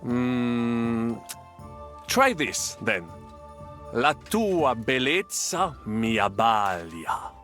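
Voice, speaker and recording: A man's voice: medium pitch, animated, unhurried, fairly bright tone, faint music behind. An actor playing a worldly man who teaches flirting phrases, amused and teasing, tossing in French words. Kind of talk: video game dialogue.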